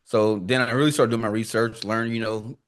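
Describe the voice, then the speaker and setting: A fairly low-pitched man talks a little fast as a guest in a casual podcast conversation. He uses a laid-back, slangy style and animatedly tells stories, voicing the quoted dialogue.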